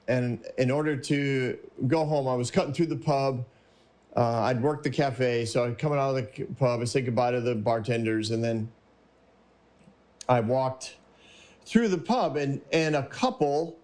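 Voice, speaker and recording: A man's voice: mid-range voice, darkish tone. A man hosting his own podcast, telling a personal story in a casual, cheerful way, laughing often and acting out the people he quotes. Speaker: podcast host.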